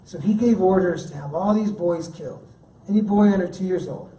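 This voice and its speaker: A man's voice: high voice, brisk, mellow. A man giving a sermon as guest speaker at a church, talking in a casual, joking way. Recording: echoey room, mic at a distance.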